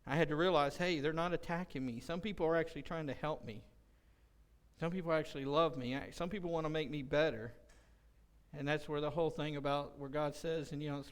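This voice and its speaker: Pastor, male, high smooth voice, impassioned sermon delivery, reverberant church hall. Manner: impassioned preaching, rising loud when quoting. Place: church sanctuary.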